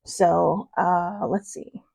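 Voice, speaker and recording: A woman's voice: fairly low pitch, fairly even intonation, extremely slow, creaky, mellow, breathy edge. A woman hosting her own show in a casual chat style, wandering off topic and laughing often. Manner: rambling, digressive, laughs often. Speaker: show host.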